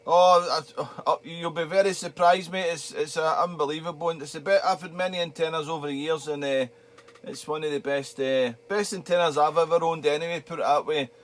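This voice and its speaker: A man's voice: a little high, fairly quick. A middle-aged man with a Scottish accent, chatting casually and rambling a little as a ham radio operator in his home radio shack. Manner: relaxed, chatty, laughs easily, rambling.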